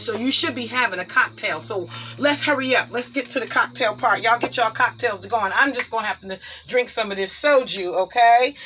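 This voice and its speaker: Bright-voiced chatty woman host. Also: a little high, slight background noise, poor audio. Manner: chatty, addresses viewers as y'all and baby. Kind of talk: casual chat.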